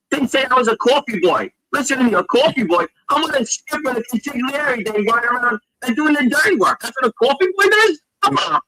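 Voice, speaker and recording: A man's voice: extremely high pitch, pushed and bright, rough recording. A man in a played clip, chatting casually, reassuring a friend in a streetwise way. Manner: reassuring, repeats "bro", streetwise. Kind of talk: casual chat.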